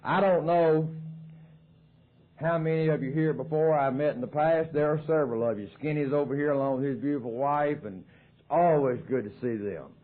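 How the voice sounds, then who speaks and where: A man's voice: on the high side, moderate pace. A man with a Southern American accent telling his recovery story at a meeting in a folksy, joking way. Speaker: AA speaker. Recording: tinny lo-fi 1990s tape.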